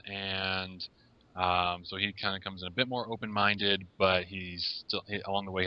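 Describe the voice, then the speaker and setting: A man guesting on a podcast as a film reviewer, explaining plots in a measured, hesitant way. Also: low-pitched. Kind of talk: podcast interview. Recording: lo-fi audio.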